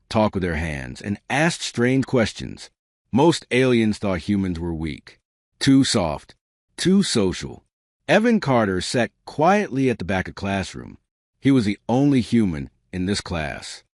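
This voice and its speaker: A man narrating a science fiction story with steady, scripted delivery. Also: on the low side, unhurried, dry recording, clean studio sound.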